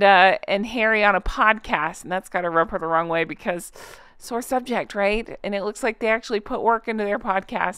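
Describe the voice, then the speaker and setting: A woman's voice: medium pitch, sharp tone, smooth, dry recording, clean studio sound. A woman hosting a reaction channel, chatting to viewers with a giggly, casual manner and lots of fillers.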